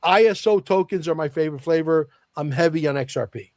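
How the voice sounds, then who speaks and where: A man's voice: fairly high pitch, fairly quick, a little mellow, no echo, clean studio sound. A man talking as a podcast guest in a casual conversation, speaking with emphasis and repeating his key phrases to drive them home.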